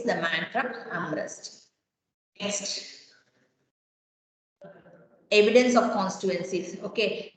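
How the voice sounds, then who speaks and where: A woman lecturer teaches a class, walking through each point and putting repeated questions to her students. Her voice is mid-pitched and rings around a very echoey classroom. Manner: explains step by step and quizzes students with repeated questions.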